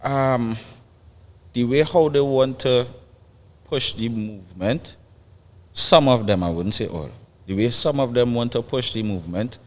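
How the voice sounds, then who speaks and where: A man's voice: mid-range voice, unhurried, pauses often, in a large hall. A man with a Trinidadian accent talking as a guest musician in a casual chat, emphatic and repeating phrases.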